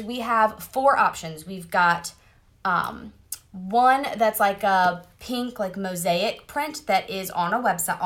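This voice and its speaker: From a parked car, a bubbly woman sells makeup through a live demo, chatting directly to viewers as she applies it. Her mid-range voice has a fairly bright tone in this casual live-stream tutorial.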